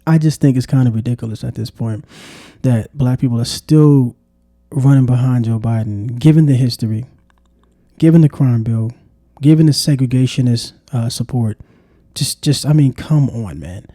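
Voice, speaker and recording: Exasperated man, dark dry voice. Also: medium pitch, normal speed, no room sound. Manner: exasperated, repeats "come on, man". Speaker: vlogger. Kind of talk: casual political commentary monologue.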